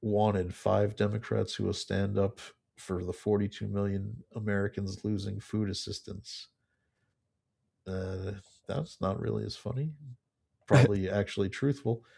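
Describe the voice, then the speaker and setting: A man's voice: on the low side, steady tone, a little slow, vocal fry, warm tone, breathy edge. A man co-hosting a casual podcast, reading memes aloud and laughing often.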